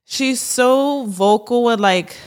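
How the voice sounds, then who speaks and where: A woman's voice: fairly high pitch, slow pace. Gushing, rambling woman podcast host. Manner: gushing, rambling, lots of "like" and "y'all". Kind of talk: casual chat.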